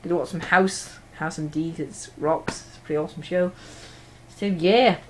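A man's voice: on the high side, steady tone, moderate pace, a bit bright, slight background noise. A teenage boy, rambling through a casual home vlog recorded on an iPod, giggly and self-mocking. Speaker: vlogger.

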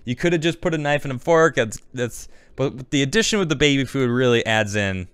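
A man's voice: mid-range voice, lively intonation, fairly quick, fairly bright tone, smooth, no room sound. A man hosting a show, chatting casually and rambling as he reacts to memes one after another. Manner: rambling, chatty, thinks aloud. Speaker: host.

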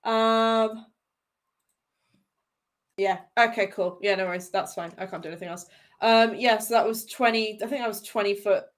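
A woman's voice: medium pitch, steady tone, moderate pace, long pauses. A woman, playing in a tabletop game, easygoing and chatty. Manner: easygoing, many fillers. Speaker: player. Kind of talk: casual tabletop game chat.

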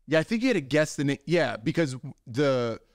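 A man's voice: fairly high pitch, very animated, normal speed, dry recording. Dry-sounding man, casual podcast co-host. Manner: playful, quotes famous movie lines in put-on voices. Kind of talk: casual chat.

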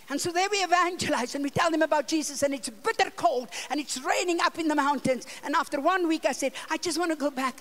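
An older woman with a South African accent, an evangelist telling a story in a sermon and acting out the dialogue with sudden loud and soft turns. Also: high voice, quick pace, few pauses, slight background noise. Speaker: evangelist preacher. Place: church conference hall.

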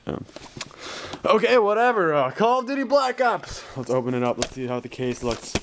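A young man with a slightly high voice gushes through an unboxing. He bursts into shrieks and then drops to low murmurs. A clear hiss of background noise sits under his voice. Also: normal speed. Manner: hyper, shrieking excitement with sudden hushed murmurs. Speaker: gaming YouTuber. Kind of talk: excited unboxing vlog. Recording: noisy home recording.

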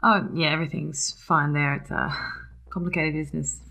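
An actress playing a crime boss's gentle, soft-spoken daughter. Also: female voice, low-pitched, fairly even intonation, normal speed, vocal fry, exaggerated voice. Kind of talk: film acting.

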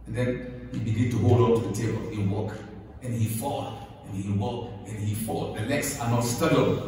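A man giving a sermon as a guest lecturer in a mosque hall, animated and acting out little scenes with sudden high exclamations. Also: normal speed, slight background noise. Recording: distant mic in a very echoey hall.

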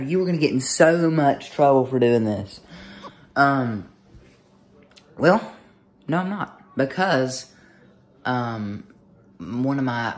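A young man with a drawl chats to his phone camera at home. He sounds excitable and scattered, piling up restarts and fillers, his voice sitting in an ordinary middle register. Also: medium pitch. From United States. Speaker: vlogger. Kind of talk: casual vlog to camera.

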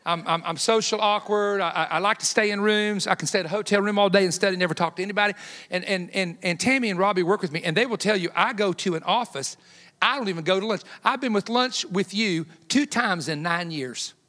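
A man in his fifties, a guest evangelist preaching a sermon with folksy, joking personal stories that build to loud emphatic peaks. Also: high-pitched, brisk. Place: church sanctuary. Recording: long hall reverb in a church.

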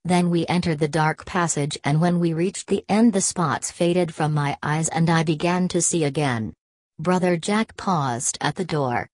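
A woman reads a novel aloud in a steady, measured way, her voice low for a woman. The sound is dry and close, with no room around it. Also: dry recording. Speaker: audiobook narrator. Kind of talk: scripted narration.

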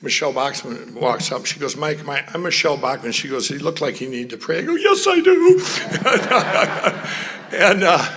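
A man's voice: medium pitch, brisk, hardly any pauses, a crowd in the background. A man from Minnesota, telling rambling stories in a speech, often sidetracked and laughing. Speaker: guest speaker. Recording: long hall reverb.

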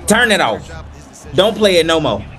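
A young man gives casual play-by-play commentary over his football video game. His slightly high voice swoops widely with hype and trash talk. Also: moderate pace, soft background music. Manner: animated, hyped, trash-talking. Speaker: gaming video creator.

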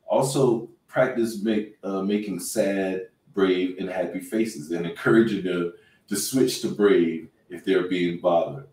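A male instructor reading child-safety tips aloud on a panel show, halting and correcting himself as he goes. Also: low voice, darkish tone. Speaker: self-defense instructor. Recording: roomy sound from a distant mic.

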